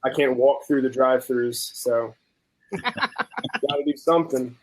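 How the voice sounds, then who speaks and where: A young adult man and host of a food channel, chatting casually and telling a story with lively acted-out quotes. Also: mid-range voice, unhurried, poor audio. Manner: animated storyteller, acts out quotes.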